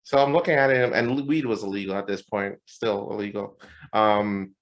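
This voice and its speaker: A man co-hosting a podcast, telling a story in a casual, animated and profane way. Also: on the low side, moderate pace. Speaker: podcast co-host. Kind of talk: casual chat.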